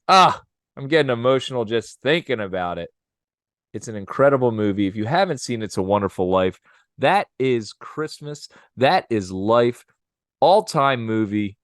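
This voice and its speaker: A man's voice: mid-range voice, animated, normal speed, clear, resonant tone, dry recording. Upbeat man, dry close sound. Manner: upbeat, laughs often, does playful impressions. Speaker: podcast co-host. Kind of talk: casual chat.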